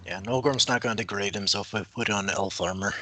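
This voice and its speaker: Man player, lowish voice, very sharp bright tone, dry quips. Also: fast, slight background noise. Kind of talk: casual tabletop game chat.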